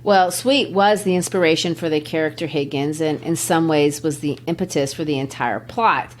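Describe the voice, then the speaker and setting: Woman, lower voice, conversational podcast co-host, explains and quotes literature. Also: moderate pace. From Tennessee, USA. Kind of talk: casual literary discussion.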